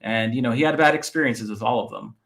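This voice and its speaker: A man, the author of a book, explaining his research point by point in a relaxed podcast interview. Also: mid-range voice, fast, gravelly. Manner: methodical, lists points by number.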